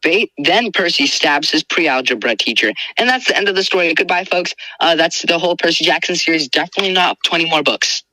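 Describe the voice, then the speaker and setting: A woman's voice: on the low side, fairly quick, few pauses, sharp tone, dry recording, low-quality recording. A teenage girl co-hosting a casual podcast, retelling a story with playful sarcasm. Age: teens. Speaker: podcast co-host. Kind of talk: casual chat.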